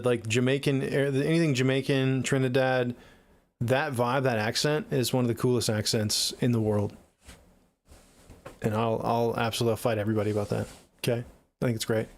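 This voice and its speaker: Man, young adult, Seattle accent, gravelly, casual livestream chat, joking and profane. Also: mid-range voice, steady tone, brisk, long pauses. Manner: laid-back, profane, joking. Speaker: livestreaming music producer. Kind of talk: casual livestream chat, reading viewer comments.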